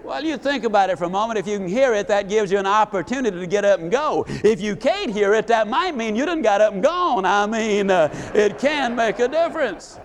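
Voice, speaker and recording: A man's voice: high voice, expressive, a little fast, few pauses, slight background noise. A man giving a live motivational speech, telling folksy stories and putting questions to his audience. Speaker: motivational speaker.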